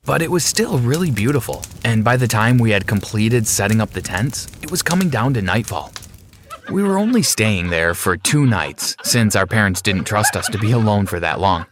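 A male narrator tells a first-person adventure from a script with dramatic storytelling. His pitch rises and falls in wide, lively swings. Steady noise and clicks sit under the voice. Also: normal speed.

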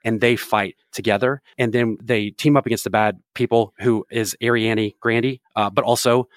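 A man's voice: on the low side, fairly even intonation, normal speed, no echo, studio quality. A man co-hosting a podcast, rambling through joking stories in casual banter. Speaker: podcast co-host.

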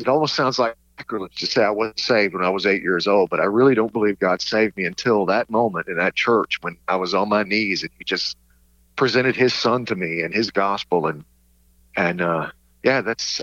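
A man speaking as a guest in a casual conversation, talking haltingly with restarts and small chuckles. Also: lowish voice, fairly bright tone, no room sound, highs cut off. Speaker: guest sharing his testimony.

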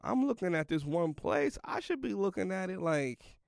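A man's voice: high voice, big pitch swings, moderate pace, creaky, no echo, studio quality. A young man, a comedian, telling a rambling story in loose slang, full of "like" and "yo". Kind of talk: casual storytelling in a podcast chat.

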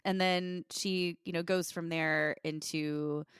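A woman's voice: fairly low pitch, takes it slowly, smooth, no echo, clean studio sound. A woman co-hosting a podcast, recapping in casual chat and acting out what others said. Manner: animated retelling, quoting others. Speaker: podcast co-host.

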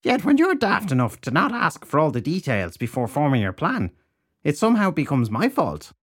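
A man voicing a spiteful old fairy crone who talks down to others in a sharp, condescending way. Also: a little high, wildly swooping pitch, normal speed, breathy edge, voice pushed up, heavily acted. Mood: indignant.

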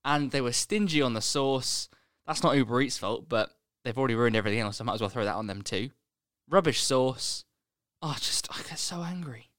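A man's voice: medium pitch, fairly quick, fairly bright tone, no room sound. A man co-hosting a casual podcast, ranting in an exasperated, jokey way. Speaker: podcast co-host.

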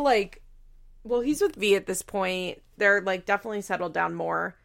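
A woman's voice: mid-range voice, animated, moderate pace, creaky, fairly bright tone. A young adult woman hosting a podcast, chatting casually with lots of fillers and the odd swear. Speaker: podcast host. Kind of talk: casual chat.

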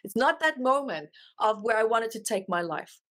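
A woman's voice: on the high side, sing-song, moderate pace, a bit bright. A woman, an author and life coach, telling her personal story as a guest in an interview, earnest and emotional, and she repeats phrases for emphasis.

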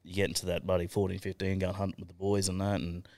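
A man rattles through his stories at a quick clip, swearing freely in a crude, casual way. His voice sits fairly low. The sound is dry and close, with no room echo. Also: flat delivery, darkish tone. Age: adult with children. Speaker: podcast guest. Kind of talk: casual storytelling chat.

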